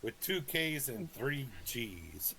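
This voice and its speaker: A man's voice: mid-range voice, very animated, slow, gravelly. A man playing a tabletop game, making dry jokes and checking plans. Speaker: player. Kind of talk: casual tabletop play.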